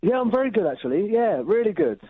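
A man's voice: high-pitched, sing-song, quick pace, husky, dry recording. A man calling in to a radio show, chatty and earnest as he gives cooking advice. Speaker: caller. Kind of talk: phone-in chat. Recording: tinny phone line.

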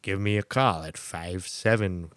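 A man putting on a slow, deep contractor voice. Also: fairly bright tone, no echo. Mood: deadpan pitch. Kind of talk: mock radio ad.

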